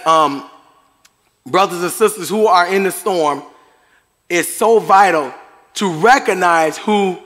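In a church sanctuary with long hall reverb, a middle-aged pastor preaches to his congregation in a high, bright, forceful voice. His delivery is chatty and conversational, with chuckles and asides.

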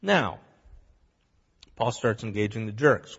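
In a large church sanctuary, a man with a medium-pitched, breathy voice delivers a blunt, plain-spoken sermon as pastor. He animatedly plays both sides of an argument in rapid voices, and the audio comes across dull.

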